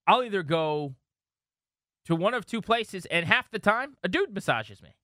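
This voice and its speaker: A man in his thirties co-hosting a casual sports talk show, telling animated stories. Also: sits high, moderate pace, dry recording, clean studio sound. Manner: animated storyteller, slips into funny voices. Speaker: podcast co-host.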